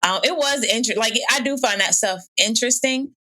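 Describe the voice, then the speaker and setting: A woman in casual podcast chat, animated and storytelling, acting out quoted voices. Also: on the high side, fairly quick. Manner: animated storytelling, laughs often, acts out quotes. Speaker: podcast guest.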